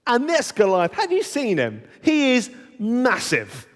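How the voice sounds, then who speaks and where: A man's voice: extremely high pitch, wildly swooping pitch, a little slow, in a large hall, pitched above the performer's own voice, exaggerated voice. A man voicing a doubtful, dismissive king in an incredulous tone while telling a children's Bible story. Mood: scoffing.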